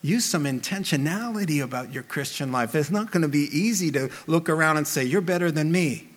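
A male pastor delivering a sermon with a voice pitched a little above most men's. He talks in an animated, emphatic way, leaning on rhetorical questions to drive each point home. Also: brisk.

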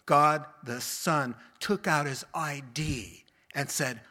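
A man preaching a sermon, telling Bible stories with lively acted quotes and laughing along the way. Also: fairly high pitch, takes it slowly.

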